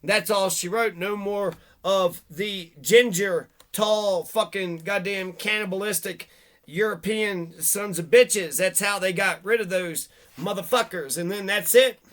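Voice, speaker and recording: A man with a high voice reads local history aloud and trips over words. He then breaks into profane, ranting commentary with a bright, sharp edge. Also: measured pace. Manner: profane, stumbles over words while reading. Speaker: video host.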